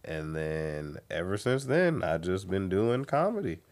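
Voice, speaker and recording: Animated low-voiced man telling a story. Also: a little slow. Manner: animated, acts out quoted voices. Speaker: guest comedian. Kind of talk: casual storytelling.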